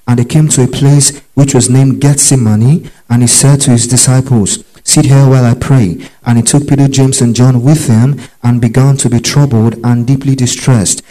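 Mellow-voiced man teaching scripture verse by verse. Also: mid-range voice, rough recording. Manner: methodical, tells listeners to underline verses and spells out words; checks understanding with quick questions. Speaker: preacher. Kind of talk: Bible teaching sermon.

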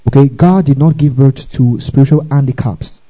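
A man preaching a sermon, urging the congregation to repeat his words and rising to loud, high exclamations. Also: normal speed, poor audio. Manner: call-and-response, urging the congregation to repeat after him.

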